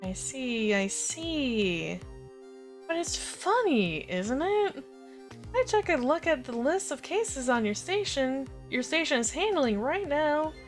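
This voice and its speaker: A woman voicing a flamboyant, smooth-talking male police inspector with a drawl. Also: high voice, very animated, slow, faint music behind, exaggerated voice. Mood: probing. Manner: drawling, calls people baby.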